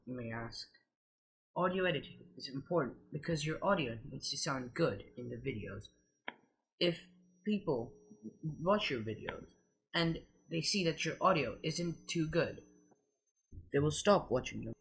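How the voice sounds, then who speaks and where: A man hosting a screen-recorded software tutorial, explaining step by step and leaning on "so" between steps. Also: fairly high pitch, gravelly. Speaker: tutorial host.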